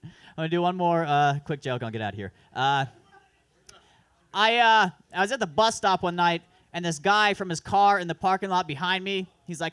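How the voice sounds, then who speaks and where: A man's voice: sits high, animated, normal speed, a bit bright, no room sound. A man performing a crude, self-deprecating stand-up set at an open mic, rambling through asides. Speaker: stand-up comedian. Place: comedy club open mic.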